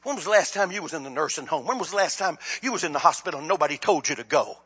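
Guy preaching, high husky voice, goes loud then real quiet, muffled recording. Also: animated, racing. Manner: impassioned, rises to shouts then drops low. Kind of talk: sermon.

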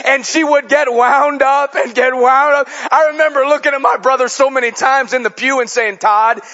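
A man's voice: very high voice, fairly even intonation, moderate pace, bright, forceful tone. A middle-aged male preacher from the Chicago area, telling stories and building to fervent exhortation in a sermon. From Chicago area, Illinois. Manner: storytelling, rising to fervent exhortation. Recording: dull lo-fi sound.

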